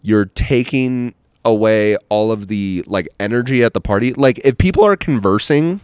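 A man's voice: lowish voice, expressive, moderate pace, a little mellow, smooth, dry recording, studio quality. A man hosts a podcast outdoors by a bonfire, ranting playfully and with emphasis. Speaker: podcast host. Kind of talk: casual podcast chat. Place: outdoor patio around a bonfire.

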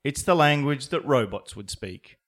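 A man's voice: mid-range voice, expressive, moderate pace, a bit bright. A man, co-hosting a podcast in playful casual chat. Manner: playful, jokey, reads numbers aloud. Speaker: podcast co-host.

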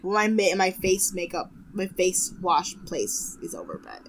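A woman's voice: on the low side, big pitch swings, unhurried, creaky, slight background noise, rough recording. A woman co-hosting a casual podcast, chatty and sarcastic, swearing freely as she recaps a show. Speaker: podcast co-host. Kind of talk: casual chat.

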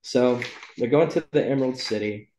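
A man's voice: medium pitch, moderate pace, mellow, a little hiss or hum. A man hosting a casual book club chat, talking loosely and rambling, with lots of ums and self-corrections. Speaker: podcast host. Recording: roomy echo.

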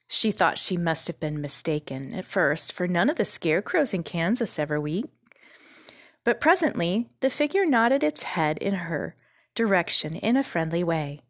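A woman narrating a children's book in a calm, measured reading voice. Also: on the low side, dry recording, clean studio sound. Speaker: storyteller.

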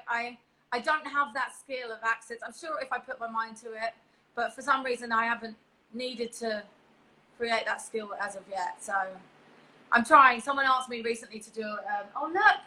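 A woman's voice: fairly high pitch, steady tone, normal speed, sharp tone, rough recording. A young English woman chatting as a podcast guest, giggly and a little scattered as she jumps between stories. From England. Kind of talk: casual chat.

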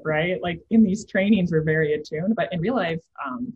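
Empathy trainer in her thirties: very low, husky woman's voice, chatty with fillers; dull recording. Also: moderate pace, a little mellow. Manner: anecdotal, with filler words. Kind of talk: casual podcast chat.

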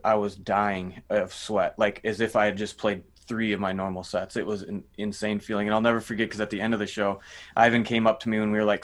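A young man, a touring musician, chatting casually in an easygoing, agreeable way and chuckling along. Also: fairly low pitch. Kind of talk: casual chat.

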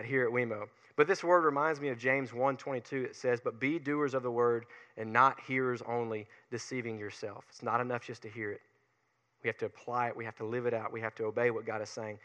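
A man with a Southern US accent preaching a sermon in an energetic, folksy way, picking up speed as he gets fired up. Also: mid-range voice, long reverb tail. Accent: Southern US, Alabama Gulf Coast. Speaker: pastor.

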